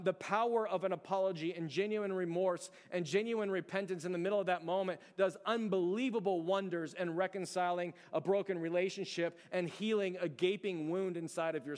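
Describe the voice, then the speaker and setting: A man's voice: high voice, steady tone, normal speed, few pauses. A man preaching a sermon as pastor, telling a story in an earnest, conversational and emphatic way. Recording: long reverb of a large hall.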